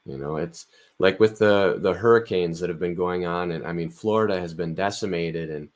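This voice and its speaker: A man in a casual podcast conversation, explaining things calmly and repeating words as he restarts. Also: sits low, moderate pace.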